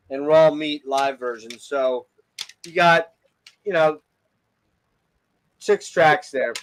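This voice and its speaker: A man's voice: mid-range voice, a bit bright. A man hosting a casual album review show, enthusiastic and swearing freely as he gushes over tracks. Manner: enthusiastic, profane, gushing. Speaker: podcast host reviewing albums. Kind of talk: casual music chat.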